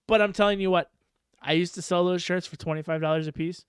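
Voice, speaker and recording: Lively profane male podcast host. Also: high voice, quick pace, clear, resonant tone, dry recording, clean studio sound. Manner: animated, profane, laughs often. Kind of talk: casual podcast chat.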